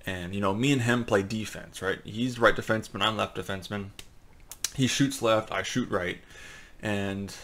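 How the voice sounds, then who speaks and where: A man hosting a gaming channel, talking casually and ranting in frustration, swearing often and filling pauses with "um" and "like.". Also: lowish voice, steady tone, a bit bright. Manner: frustrated, profane ranting with fillers. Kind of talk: casual commentary.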